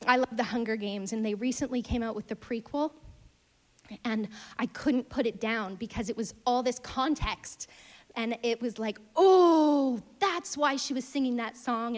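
A woman giving a casual Bible lesson, retelling the stories lively and acting out the quotes. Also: a little high. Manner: animated storytelling, acts out quotes. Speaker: Bible teacher.

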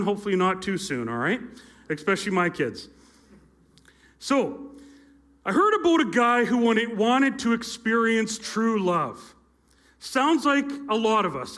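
This middle-aged man's voice is very high-pitched and slightly bright. As a youth pastor, he's delivering a sermon story to a live crowd from a church stage, joking with them along the way. The audio comes through a handheld or stage microphone with feedback.

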